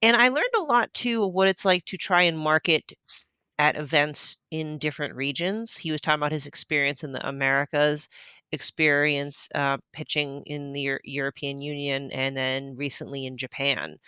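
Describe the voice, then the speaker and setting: A woman's voice: low voice, moderate pace, bright, forceful tone, clean tone, no echo. A woman co-hosting a podcast in casual chat, upbeat and chatty with frequent fillers. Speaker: podcast co-host and interviewer.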